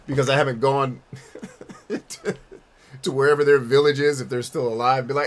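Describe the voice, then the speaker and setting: A man's voice: mid-range voice, flat delivery, normal speed, long pauses. A man streaming a game and answering his chat in a blunt, profane, rambling way, often restarting his sentences. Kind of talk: casual chat while gaming.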